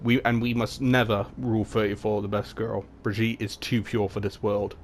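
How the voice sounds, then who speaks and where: A man's voice: fairly low pitch, flat delivery, normal speed, hardly any pauses, slight background noise. A young man reading his own comedic fan fiction aloud, with crude, swearing, self-mocking asides. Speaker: fan-fiction writer and reader.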